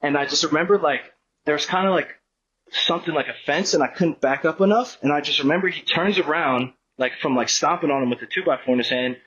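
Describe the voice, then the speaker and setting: A man's voice: fairly high pitch, fast, fairly bright tone, breathy edge, muffled recording. A man guesting on a podcast, telling a long story in a rambling, profane, casual way and acting out what people said. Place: podcast studio.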